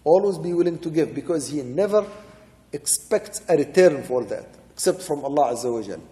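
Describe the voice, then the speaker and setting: A man with a fairly high, warm and mellow voice gives a religious lecture. He recites short Arabic verses, then explains them in English, circling back to his key points. His voice rings out with a long reverb, as if in a large hall. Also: expressive, a little fast. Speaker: sheikh teaching Quran commentary.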